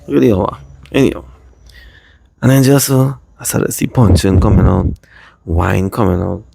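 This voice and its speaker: A man from Trinidad with a Trinidadian accent, casually telling a rambling personal story in lively dialect. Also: on the low side, creaky, background noise. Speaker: vlogger.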